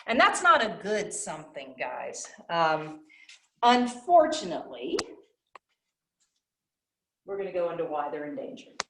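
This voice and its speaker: A woman's voice: lowish voice, measured pace, long pauses. A woman teaching children about nature, asking questions and answering them herself. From Western North Carolina. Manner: animated, asks and answers her own questions. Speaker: children's nature program presenter. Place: library room. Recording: roomy echo, voice from a distance.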